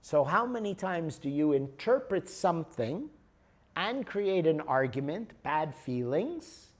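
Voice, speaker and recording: A man with a slightly high voice leads a workshop in an animated storytelling manner. He often pauses to check in with the audience. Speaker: workshop leader.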